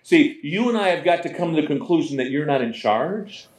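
A man preaching a sermon as pastor, in a conversational, animated way, often slipping into voices. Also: on the high side, a little fast, a little hiss or hum. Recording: roomy echo.

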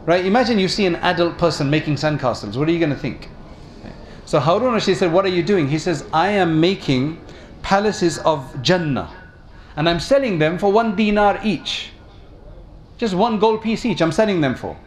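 Man, preacher, sermon, slightly higher pitch, questions to audience, faint background noise. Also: animated, moderate pace. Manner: storytelling, addresses audience with questions.

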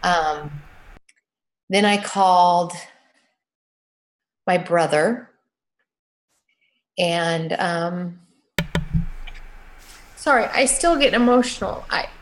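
A middle-aged woman, a guest in an interview, telling a personal story in a halting, emotional way with many restarts. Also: fairly low pitch, a little hiss or hum, low-quality recording.

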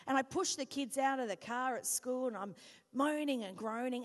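A woman senior pastor preaching a sermon, an animated, self-mocking storyteller. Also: on the high side. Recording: reverberant church hall.

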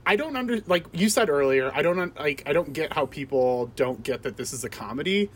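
A man's voice: on the high side, expressive, fairly quick, fairly bright tone, slightly rough. Emphatic man with constant "like". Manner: emphatic, lots of "like", laughing. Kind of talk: casual film discussion.

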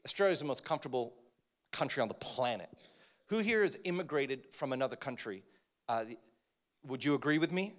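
An American man preaching a sermon to a congregation, talking in an energetic, joking way that rises to emphatic points. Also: mid-range voice, brisk, long pauses. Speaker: pastor. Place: church, in front of a congregation.

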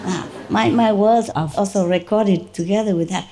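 A woman, a spiritual teacher, telling a story to her disciples in an animated, informal way, laughing often. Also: medium pitch, normal speed, hardly any pauses.

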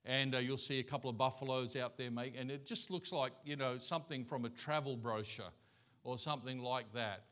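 A man's voice: medium pitch, fairly even intonation, fairly quick, a bit bright. A male pastor giving a conversational sermon in church, telling folksy stories and anecdotes.

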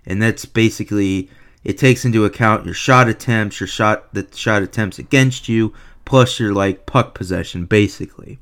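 A man giving a heated, profane rant as a hockey video reviewer, swinging between low mutters and loud sarcastic outbursts. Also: moderate pace, clear, resonant tone. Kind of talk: ranting commentary.

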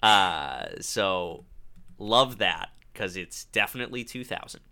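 A young man retells a film's plot in relaxed, wry conversation and keeps breaking into laughter. His voice sits low yet sounds bright and forward. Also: slow pace. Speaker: podcast co-host. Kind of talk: casual movie recap chat.

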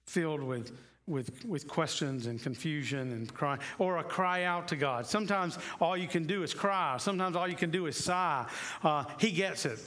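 A man preaching a conversational sermon who tells stories and sometimes drops to a hushed voice for emphasis. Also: fairly high pitch. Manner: slows down on key phrases. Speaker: pastor.

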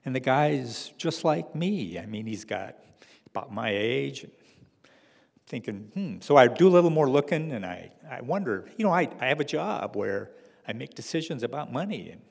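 A middle-aged man telling a personal story to an audience in a wry, halting way, with restarts and fillers. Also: mid-range voice, very animated, creaky, long reverb tail.

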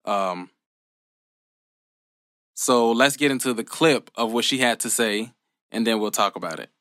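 A man co-hosting a casual gossip chat, relaxed, chatty and profane. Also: mid-range voice, measured pace, dry recording, clean studio sound. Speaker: podcast co-host.

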